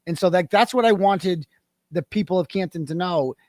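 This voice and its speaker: Blunt, animated man. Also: high voice, normal speed, no room sound, studio quality. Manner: animated, blunt storytelling with profanity. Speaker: guest, independent journalist. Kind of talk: conversational interview.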